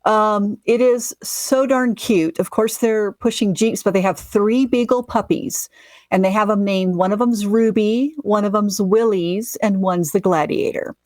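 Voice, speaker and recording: A woman co-hosts a casual podcast, upbeat and chatty and quick to agree. Her voice sits at a middling pitch. The recording is dry and close, with no room echo. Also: a little mellow. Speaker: podcast co-host. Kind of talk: casual chat.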